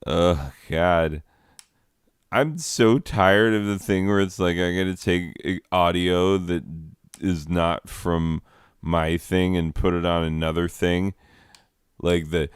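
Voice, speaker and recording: A man's voice: deep voice, takes it slowly, smooth, dry recording, studio quality. A man giving rambling, exasperated comedic commentary on slides, full of "like" fillers.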